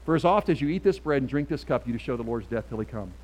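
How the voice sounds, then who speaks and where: A middle-aged man preaching a sermon as pastor, emphatic and swinging from quiet asides to loud calls. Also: mid-range voice, expressive, quick pace, poor audio.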